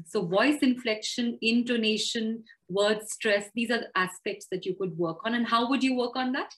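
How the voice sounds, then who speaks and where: A woman's voice: a little high, normal speed, fairly bright tone, rough recording. A woman with an Indian English accent, a communication trainer giving practical advice in an interview, thoughtful and full of fillers and self-corrections.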